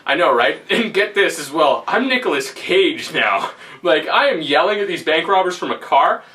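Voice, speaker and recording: A man's voice: on the high side, sing-song, moderate pace, pushed and bright, distant mic. A man casually telling a story, rambling and laughing, with lots of fillers. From Canada. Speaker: vlogger.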